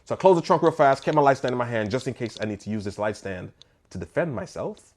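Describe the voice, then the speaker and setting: A man in the middle of his vocal range telling a story to camera, animated and conversational. He slips into mock disbelief as he recounts what happened. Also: mid-range voice, fast. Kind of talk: storytime vlog.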